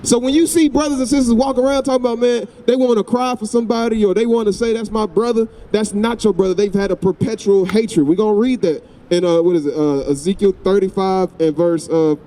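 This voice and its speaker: A man's voice: sits high, fairly even intonation, a little fast, few pauses, warm tone. A man with a Southern US accent preaching on a city street, asking pointed questions and repeating phrases for emphasis.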